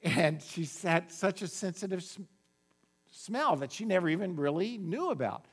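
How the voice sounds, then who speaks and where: A pastor preaching a sermon, telling a story with joking asides. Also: male voice, high-pitched, normal speed, husky. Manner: animated storytelling with asides and jokes.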